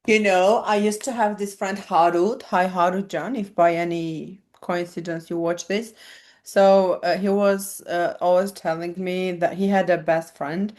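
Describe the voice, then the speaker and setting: A woman with an Armenian accent, an English teacher co-hosting a casual podcast, blunt and quick to laugh. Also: on the low side, fairly even intonation, a little mellow. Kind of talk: casual chat.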